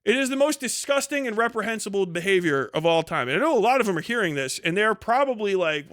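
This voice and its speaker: A man streamer ranting on a livestream, profane and sarcastic, with fast bursts and sudden drawn-out words. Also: sits high, animated, fairly bright tone, no room sound, studio quality. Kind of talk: livestream rant.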